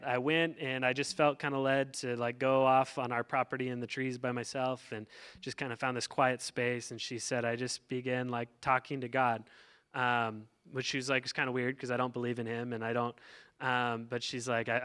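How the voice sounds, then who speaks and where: A man preaching in a relaxed, conversational way, his voice smooth and resonant. He keeps an even, level pitch and fills pauses with ums and restarts. On reflective passages he slows down and softens. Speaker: pastor. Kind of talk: sermon.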